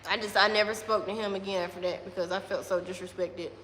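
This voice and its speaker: A young woman telling a childhood story in casual, emotional chat, animated and acting out the voices of others. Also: mid-range voice, fast. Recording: echoey roomy hall with faint noise.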